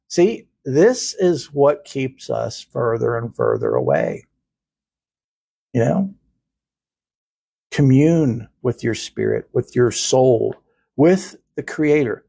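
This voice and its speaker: Earnest preaching man, lively voice. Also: medium pitch, slow, creaky, long pauses, breathy edge. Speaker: podcast host. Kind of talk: spiritual podcast talk.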